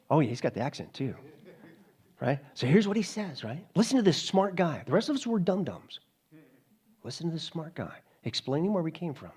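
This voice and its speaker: A male pastor preaching an emphatic sermon with sarcastic, mocking asides. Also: high-pitched.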